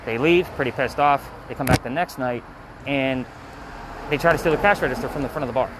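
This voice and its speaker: A man's voice: mid-range voice, noisy background. A man guiding a ghost tour, telling stories in a loose, casual way with lots of fillers. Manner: fast, loose talker with swearing and fillers. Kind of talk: casual storytelling on a walking tour. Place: outdoors on a city street.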